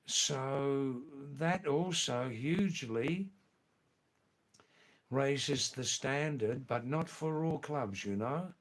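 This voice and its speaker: A man's voice: medium pitch, very slow. A man hosting a casual live stream, chatting with viewers in a teasing way and repeating phrases for effect.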